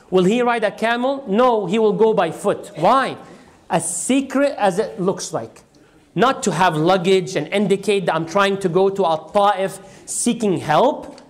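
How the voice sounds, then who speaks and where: A man giving a religious lecture as a teacher, retelling a story dramatically and quizzing his audience with call-and-response questions. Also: high voice. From United States. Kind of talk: sermon-style storytelling lecture.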